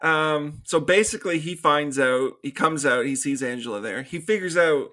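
A man's voice: a little high, unhurried, pushed and bright. A young man co-hosting a casual film review podcast, recapping scenes and acting out characters' lines between laughs. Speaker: podcast co-host.

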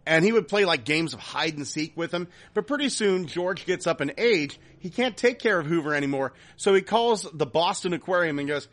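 High, lively podcast host, creaky edge. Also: male voice, moderate pace, few pauses. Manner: storytelling, profane, animated. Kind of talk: casual podcast chat.

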